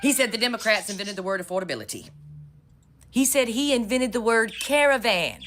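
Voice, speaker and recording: A woman's voice: a little high, lively intonation, brisk, fairly bright tone, a little hiss or hum. Sassy, profane woman ranting on a podcast. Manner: sassy, sarcastic, profane, calls people honey. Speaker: podcast co-host. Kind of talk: profane political commentary.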